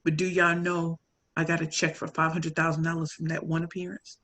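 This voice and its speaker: A woman from St. Louis with a St. Louis accent, telling a story and coaching in an animated, audience-directed way. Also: deep voice, a little fast. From St. Louis, Missouri. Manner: animated, addresses audience as y'all, acts out quoted lines. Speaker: pitch coach and speaker. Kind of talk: motivational talk, storytelling.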